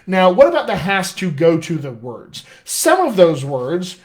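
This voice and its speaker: A man with a General American accent teaches a live session as a dialect coach, his voice sitting a little higher than most men's. He explains off the cuff and keeps checking in with his listeners. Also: wildly swooping pitch, measured pace. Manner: extemporaneous, explanatory, frequent "all right?" check-ins.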